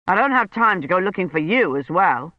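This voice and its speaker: A man's voice: high-pitched, big pitch swings, a little fast, dry recording, muffled recording. A man reading an audiobook, voicing a stern, protective older male scholar who gives firm, clipped commands.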